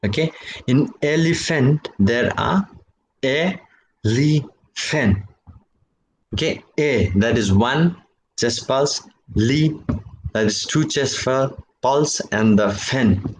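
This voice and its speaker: Slow, deliberate male poetry lecturer. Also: slight background noise, low-quality recording. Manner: slow and deliberate, often repeating "okay" and "right"; stretches out example words, jumping up in pitch on them.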